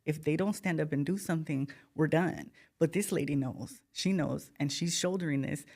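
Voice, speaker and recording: A woman's voice: low-pitched, normal speed, gravelly, warm tone. Impassioned blunt woman podcast guest. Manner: impassioned, blunt, rambling with restarts. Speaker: guest, former inmate. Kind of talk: casual podcast conversation.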